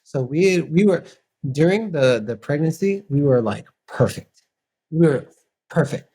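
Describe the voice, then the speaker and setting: A man with a slightly high voice talks as a podcast guest. He clarifies his points carefully and tells stories with animation. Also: lively intonation, unhurried, mellow, breathy edge. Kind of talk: candid relationship talk.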